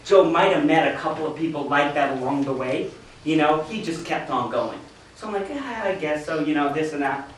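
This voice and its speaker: Heard from a distant mic in a reverberant meeting room, a man gives a motivational business-opportunity seminar, vividly recounting stories and mimicking the people he quotes. He speaks a little fast in a slightly high voice, and there's a little hiss or hum.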